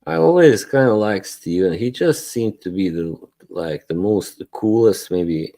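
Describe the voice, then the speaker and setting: A man with a very low, dark voice hosts a relaxed live stream. He talks slowly, rambles, chuckles often and lets his sentences trail off.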